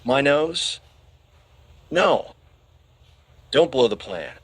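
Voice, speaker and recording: Male reader as a scheming young cadet, earnest and self-satisfied, unhurried. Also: mid-range voice, sing-song, breathy edge, no echo, voice pushed up, heavily acted. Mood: smug scheming.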